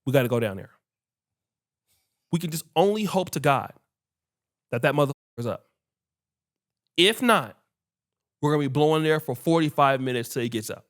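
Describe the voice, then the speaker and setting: Animated man telling stories. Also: a little high, moderate pace, long pauses. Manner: animated, acts out quoted dialogue, swears freely. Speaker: podcast host. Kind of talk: casual chat, storytelling.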